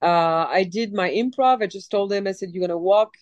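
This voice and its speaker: A woman in her forties with a slight French accent tells a long story as an interview guest. She rambles and restarts often, and her voice rises and falls with lively emphasis. The sound is dry and close. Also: medium pitch, fairly quick, no room sound. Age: 40s. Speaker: actress guest. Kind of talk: casual podcast interview.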